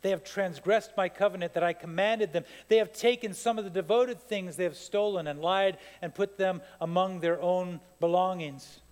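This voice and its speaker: A man preaching a sermon as pastor, telling stories in an animated way that builds to fired-up peaks. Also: sits high, moderate pace, hardly any pauses. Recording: long hall reverb.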